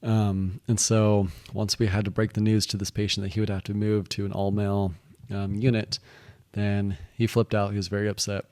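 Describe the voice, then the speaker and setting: A young man recounts his work stories in a casual, rambling monologue, with constant restarts and "he's like" asides. His voice sits low and stays quite flat in pitch. The recording is dry and close, with no room sound. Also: moderate pace, no room sound. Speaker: vlogger recounting work experiences.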